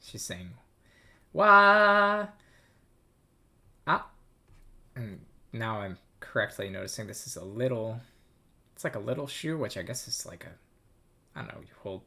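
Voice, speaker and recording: A man's voice: lowish voice, fairly quick, vocal fry, fairly bright tone. A man casually reading through a text, thinking aloud in a hesitant, self-amused way. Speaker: language learner reading a game aloud.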